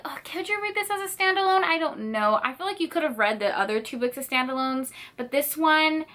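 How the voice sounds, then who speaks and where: A woman's voice: high voice, bright, forceful tone. A woman in her twenties chatting in a reading vlog, bubbly and gushing, with lots of fillers. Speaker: book vlogger.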